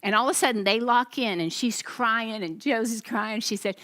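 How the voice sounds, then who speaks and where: Preaching a testimony sermon to her congregation, this pastor speaks at a moderate pace in a slightly high voice. She's a lively storyteller who performs each quoted voice.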